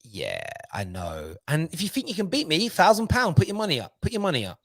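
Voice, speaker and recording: A man's voice: sits high, very animated, quick pace, breathy edge, no echo. A man co-hosting a football fan stream, boastful and teasing, laughing often in casual banter. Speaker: co-host of a football fan show.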